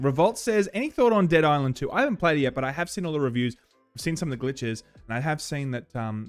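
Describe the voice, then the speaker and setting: Brief: Australian male streamer, rambly and animated, swings all over in pitch. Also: dry recording. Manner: rambling, restarts, animated outbursts. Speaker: livestream host. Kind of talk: casual live chat reading viewer comments.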